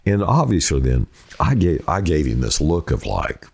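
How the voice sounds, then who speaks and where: A middle-aged man with a very deep, gravelly voice tells true crime stories in an interview. His pitch swings widely as he acts out the people he quotes. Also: normal speed. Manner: animated storyteller acting out quoted voices. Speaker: true crime reporter answering questions. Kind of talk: storytelling in an interview.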